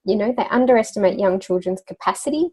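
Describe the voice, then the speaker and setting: A woman's voice: medium pitch, animated, fast talker, a little mellow, breathy edge. A woman guest in a casual interview, talking as a children's wellbeing coach with a chatty storyteller's manner, laughing now and then and using lots of fillers. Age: adult parent.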